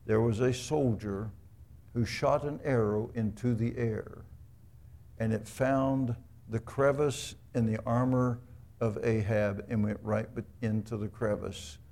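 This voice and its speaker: Male preacher, gravelly voice, conversational sermon with rhetorical questions. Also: mid-range voice, steady tone, a little slow, a little mellow. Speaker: pastor.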